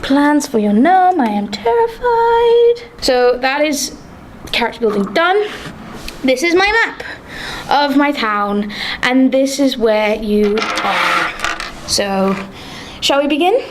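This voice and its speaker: Lively woman narrating as game master. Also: a little high, slow, pauses often, slight background noise. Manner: lively storytelling with fillers.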